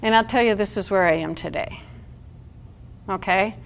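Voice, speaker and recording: Woman giving a lively talk to an audience. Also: medium pitch, normal speed, creaky. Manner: conversational, engages audience with questions. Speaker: speaker at a support event.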